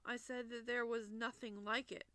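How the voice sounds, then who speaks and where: A woman voicing a fussy, excitable king in a storybook reading, with fretful, breathless exclamations. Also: a little high, moderate pace, smooth, no room sound.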